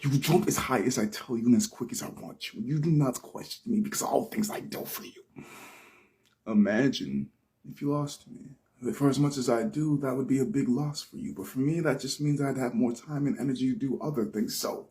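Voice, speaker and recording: A man's voice: mid-range voice, normal speed, a little mellow. A man reciting taunting, manipulative spoken word poetry.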